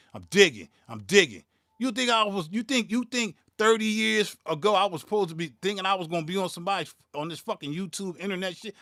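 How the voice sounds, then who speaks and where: A man's voice: sits high, bright, forceful tone, no room sound, studio quality. A man, hosting his own beatmaking channel and ranting in a profane, heated way, stumbling and repeating words as he gets worked up. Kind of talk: livestream rant.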